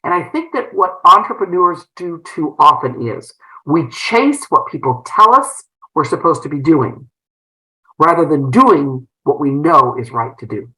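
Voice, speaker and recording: Low, bright-voiced woman telling her story. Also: lively intonation, measured pace, rough recording. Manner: earnest, emotional retelling with frequent fillers and restarts. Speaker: guest, former school principal turned entrepreneur. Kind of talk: personal storytelling in an interview.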